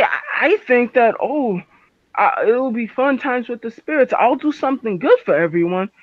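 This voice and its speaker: A man's voice: very high voice, dry recording, full character voice. Man playing an angry, stammering werewolf medic. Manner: profane, stammering, swings between loud and muttered. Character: distraught, furious young werewolf medic. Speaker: tabletop game player. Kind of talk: in-character role-play. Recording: dull dry lo-fi recording.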